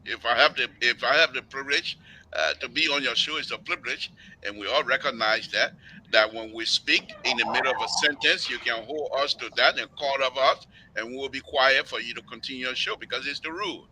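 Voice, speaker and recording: A man's voice: mid-range voice, a little fast, bright, forceful tone, slight background noise, poor audio. A man speaking as a guest on a political panel, earnest and politely insistent on finishing his point.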